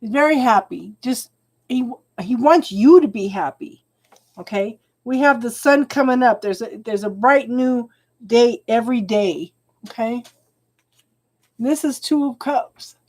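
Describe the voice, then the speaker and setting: A woman with a fairly high voice gives live tarot readings at a measured pace. Chatty and warm-hearted, she calls her viewers hon and becomes emotional, even tearful, over the cards.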